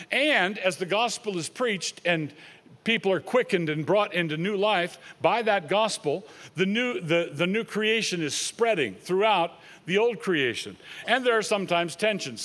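Man preaching a sermon, pitched a bit high. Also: fairly bright tone. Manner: earnest expository preaching, quoting scripture aloud. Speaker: pastor.

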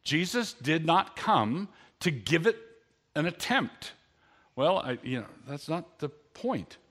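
A man's voice: a little high, very animated, slow, fairly bright tone. A man preaching a sermon in an earnest, conversational way, lifting his voice on key lines.

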